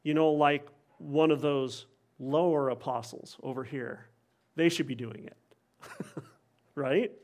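A man's voice: a little high, steady tone, slow, pauses often. A man preaching a sermon, explaining a passage in an earnest, expository way, with occasional wry asides.

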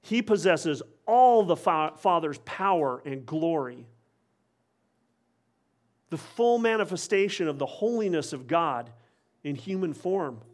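A man's voice: a little high, expressive, unhurried. A man preaching a sermon, explaining a passage in an earnest, expository way, with occasional wry asides.

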